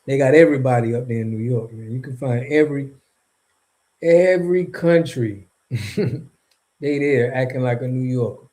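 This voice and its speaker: A man's voice: mid-range voice, moderate pace, long pauses, mellow, poor audio. A man hosting a casual livestream, talking back to his chat in a loose, slangy, rambling way with frequent laughs. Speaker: streamer and channel host.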